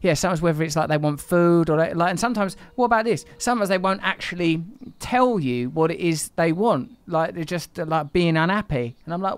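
A man, hosting a relaxed interview in a wry, reflective way. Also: on the high side, a little fast, hardly any pauses, clean tone, no echo. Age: 40s. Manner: wry, reflective, swears casually. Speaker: podcast host. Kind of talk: casual conversation.

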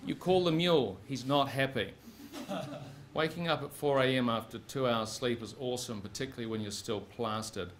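A man's voice: medium pitch, moderate pace, slight background noise. Wry New man telling a story. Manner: wry, punchy delivery in second person. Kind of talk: live spoken-word storytelling. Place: live stage.

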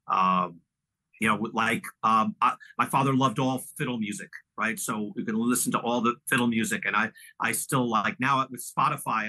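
A man's voice: on the low side, bright, forceful tone, rough recording. A middle-aged man from Long Island, New York, reminiscing casually as an interview guest, rambling with lots of fillers and restarts. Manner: rambling, full of "you know" fillers and restarts.

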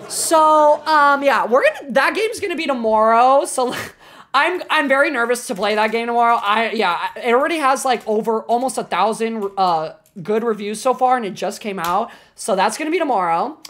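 A young woman in her twenties streaming, chatting casually and excitably with lots of filler words. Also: fairly high pitch, normal speed. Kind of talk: casual livestream chat.

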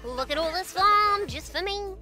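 Very high-pitched giggly woman gamer. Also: normal speed. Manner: excitable and giggly, talks to teammates; self-mocking, frequent laughter. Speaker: video game streamer. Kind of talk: live gameplay commentary. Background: game music.

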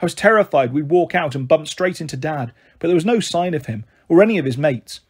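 A man with a husky, slightly breathy voice pitched a little high reads a children's novel aloud. He narrates briskly in the first person. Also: animated. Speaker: storyteller.

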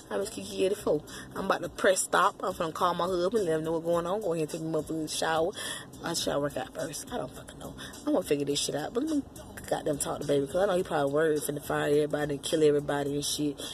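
A woman vlogger ranting casually to her viewers, profane, loud and rambling. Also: low voice, creaky, noisy background. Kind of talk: casual rant to the camera.

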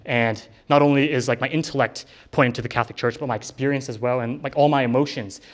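A young man tells his story to a live audience in an easygoing, earnest way. His voice sits at an ordinary middle pitch, and he keeps filling gaps with "like" as he acts out the things he once said. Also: fairly even intonation, fast. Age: young adult. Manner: casual, heavy use of "like" fillers; earnest storytelling, reenacting his own past words. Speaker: speaker giving a personal testimony. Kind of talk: personal conversion testimony to a live audience. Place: college campus ministry center.

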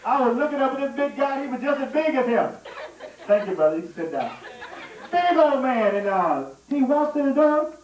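A man tells a comic story from the pulpit, animated and laughing as he goes. His voice sits high. It is recorded in an echoey church from some distance off the mic. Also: normal speed. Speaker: preacher. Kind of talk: storytelling sermon. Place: church sanctuary.

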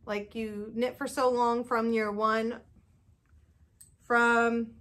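Chatty bright-voiced woman fretting over her knitting. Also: a little high, level tone, very slow. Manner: chatty and self-doubting, many fillers. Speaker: knitting podcast host. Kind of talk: casual chat to camera.

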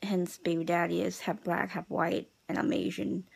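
A woman's voice: on the low side, little pitch movement, moderate pace, vocal fry, darkish tone, breathy edge. A tired young woman vlogging in a casual, rambling way, with many fillers as she chats to her viewers. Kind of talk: casual chat.

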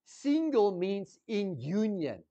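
A man preaching a sermon, teaching slowly, repeating key words and asking the congregation questions. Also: high voice, sing-song, mellow, dull audio.

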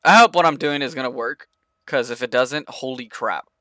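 A young man streaming a flight combat game, talking to his viewers in an excitable, rambling way. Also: medium pitch, moderate pace, dry recording, clean studio sound. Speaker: gaming streamer. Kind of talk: live gameplay commentary.

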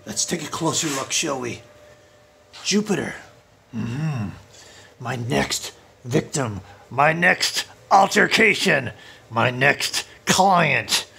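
A man playing a mischievous, rocket-obsessed billionaire tycoon in a comedy sketch, using a put-on South African accent and breaking into giddy, high-pitched squeals. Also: lively intonation, takes it slowly, vocal fry, pushed and bright, husky, heavily acted. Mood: scheming. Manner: scheming and giddy, bursting into high squealing laughs.

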